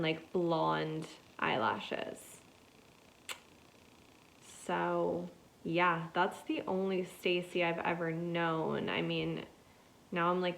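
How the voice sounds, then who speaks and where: A woman's voice: on the low side, gravelly. Chatty woman rambling through a story. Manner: rambling, chatty, heavy use of "like". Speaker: podcast host. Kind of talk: casual solo storytelling.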